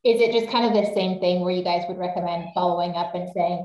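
A woman's voice: on the low side, fairly even intonation, fast talker, few pauses, darkish tone, highs cut off, a little hiss or hum. A woman joining the conversation to ask a follow-up question, phrasing it loosely and a little hesitantly. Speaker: participant asking a question. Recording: roomy echo.

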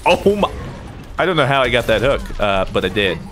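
A young man giving playful, jokey commentary over his own gameplay, swinging between excited yelps and mock-serious asides. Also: mid-range voice, fairly quick, faint music behind. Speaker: gaming YouTuber.

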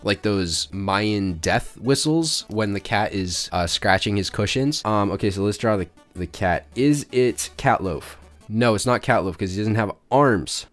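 A man's voice: on the low side, a bit bright. A man who says he is sick, rambling and joking to his viewers as he draws a cartoon family in casual commentary. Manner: rambling, jokey, talks to chat. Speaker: YouTube drawing creator.

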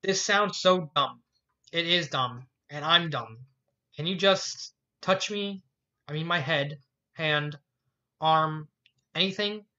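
Shy bookish girl, halting and unsure, kinda bright voice, dull lo-fi audio as the reader does her. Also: medium pitch. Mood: sheepish. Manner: hesitant, halting. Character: shy, bookish young woman, trapped and hurting. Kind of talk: fan fiction read aloud. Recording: dull lo-fi recording.

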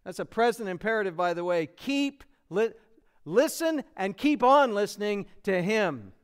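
A man's voice: sits high, lively intonation, normal speed, smooth. A man with an American accent, a pastor preaching an expository sermon and acting out the quotes he reads.

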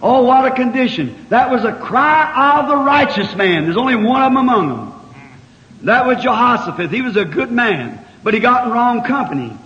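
A man in his fifties preaching a fervent revival sermon, dropping to quiet asides and rising to shouted cries. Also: very high voice, animated, normal speed. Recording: echoey hall, dull old tape.

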